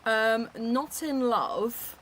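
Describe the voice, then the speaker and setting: A woman from England hosting a book club chat, animated and teasing, laughing often. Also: on the high side, drawn-out words, slight background noise. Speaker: book club podcast host. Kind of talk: casual chat.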